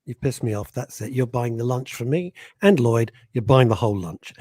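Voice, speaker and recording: A man's voice: medium pitch, moderate pace, a little mellow, dry recording. A man from England co-hosting a casual radio chat show, joking and reading out listener comments. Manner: jokey, reads out listener comments.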